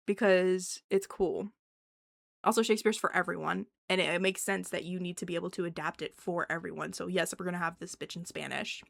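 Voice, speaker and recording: Animated young woman ranting with swearing. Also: mid-range voice, a little fast, dry recording, clean studio sound. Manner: animated, swearing, laughing, swings between loud and whispered asides. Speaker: vlogger. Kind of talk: casual ranting monologue.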